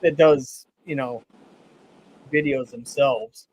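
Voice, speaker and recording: A man's voice: medium pitch, fairly even intonation, slow pace, darkish tone, a little hiss or hum, rough recording. A man in a casual podcast chat, speaking hesitantly with many fillers.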